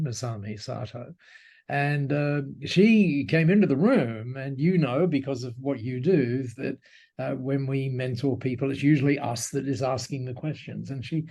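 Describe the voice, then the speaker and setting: A man's voice: mid-range voice, warm tone. A man, a company cofounder, telling a story as an interview guest in a reflective way, with frequent restarts.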